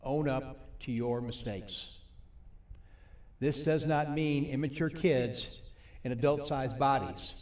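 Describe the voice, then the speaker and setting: A man preaching at a recovery ministry meeting, putting questions to his audience and reading scripture slowly. His voice sits at a middle pitch. It rings through an echoey hall and is picked up from some distance. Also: darkish tone. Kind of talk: sermon.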